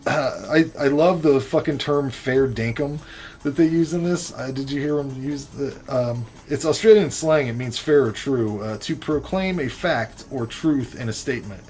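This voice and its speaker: A man co-hosting a podcast, chatting casually about horror films with a profane, joking, animated delivery. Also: mid-range voice, moderate pace. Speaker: podcast co-host. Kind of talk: casual movie review chat.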